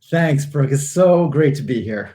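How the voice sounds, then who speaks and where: A man's voice: medium pitch, animated, measured pace, warm tone, breathy edge. A middle-aged man answering interview questions thoughtfully, with many fillers and restarts. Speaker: guest, agency CEO.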